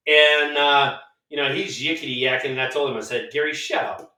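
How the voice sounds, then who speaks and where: Older man, co-host and raconteur, punchy bright voice, off-mic in a roomy space. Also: mid-range voice, moderate pace, distant mic. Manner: animated storyteller who acts out dialogue, swears freely. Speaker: co-host, former baseball player. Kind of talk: casual storytelling chat. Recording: echoey room, off-mic.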